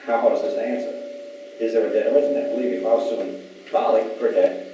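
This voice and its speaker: A man gives an emphatic storytelling talk to a live audience in a large event hall, retelling exchanges in quoted voices. His lowish voice is steady in tone and fast. The recording is muffled, taken from far off in the echoey hall with a faint hiss.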